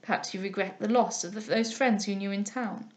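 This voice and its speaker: A woman reading aloud, voicing an elderly male guardian who speaks softly, mildly and solemnly. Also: mid-range voice, steady tone, a little fast, close to an everyday voice. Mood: grave. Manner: soft, mild, solemn speech.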